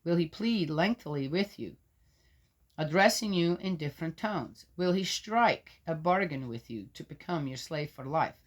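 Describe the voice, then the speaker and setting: Woman, low-ish voice, scripture reader who argues with the text, loud readings, muttered asides. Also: expressive, moderate pace. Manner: interrupts herself with doubting, argumentative remarks. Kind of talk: reading aloud with skeptical asides.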